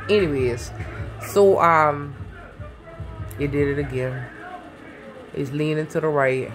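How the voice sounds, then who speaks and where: Speaking at a normal pace in a low-pitched voice, this woman vlogs from her garage into a phone held close, music audible behind her. She wanders off topic, curses, rambles on and addresses viewers as "baby" and "y'all."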